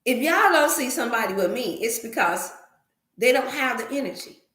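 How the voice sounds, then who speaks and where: Animated, echoey woman host. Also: a little high, normal speed. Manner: storytelling, animated, laughing often, preachy asides. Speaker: wellness channel host. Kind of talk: casual livestream talk.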